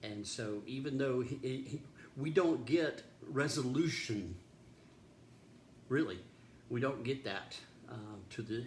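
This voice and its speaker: Earnest pastor in an echoey room. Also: male voice, fairly low pitch. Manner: reflective and earnest. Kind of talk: devotional reflection with scripture reading. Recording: roomy echo with faint background noise.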